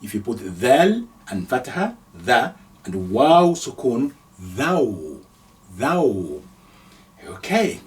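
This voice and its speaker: A man's voice: mid-range voice, sing-song, takes it slowly, a little mellow, recorded from a distance. A man from Nigeria teaching Arabic letters step by step, patiently repeating each sound and chuckling now and then. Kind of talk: slow step-by-step lesson.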